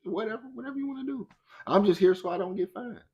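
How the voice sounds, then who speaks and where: A man's voice: sits high, fast, a little mellow, dull audio, pitched above the performer's own voice. A man putting on the voice of a laid-back, carefree guy who stands for faith, in a lazy, shrugging drawl.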